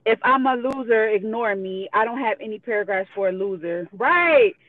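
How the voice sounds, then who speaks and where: A woman's voice: on the high side, animated, normal speed, dry recording. A woman calling in, reading out messages bluntly and profanely, laughing between them. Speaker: guest. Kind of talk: reading out messages on a live call. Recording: tinny phone line.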